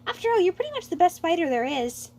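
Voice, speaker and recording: Lady voicing a sweet lil turtle prince buttering everyone up, giddy and soft, pitched way up. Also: very animated, quick pace, a little hiss or hum. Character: sweet flattering young male turtle prince.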